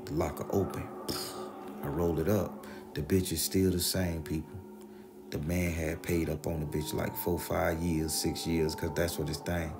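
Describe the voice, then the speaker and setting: A man's voice: extremely low pitch, moderate pace, music in the background. A man telling a wild personal story, slangy and profane, acting out the voices of everyone in it. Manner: animated, slangy, acts out the voices.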